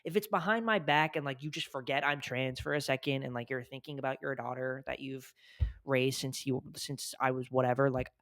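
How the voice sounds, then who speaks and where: A man with a deep voice, mid-pitched for his sex, hosting a casual podcast chat. He peppers his talk with fillers and swears freely. The sound is dry and close. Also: fairly even intonation, fairly quick, fairly bright tone, dry recording. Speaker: podcast host.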